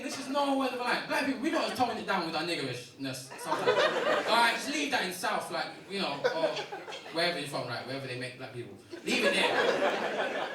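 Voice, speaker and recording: A young man doing a stand-up set, animated and full of slang and swearing. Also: sits high, distant mic, heavy background noise. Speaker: stand-up comedian. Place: comedy club stage with a laughing audience. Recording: roomy club sound, audience roar.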